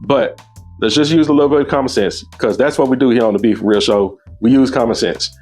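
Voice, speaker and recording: A male host talks over a clip in a mid-pitched voice, emphatic and scornful, and his pitch climbs when he is indignant. Faint music runs underneath his commentary. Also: quick pace, a little mellow.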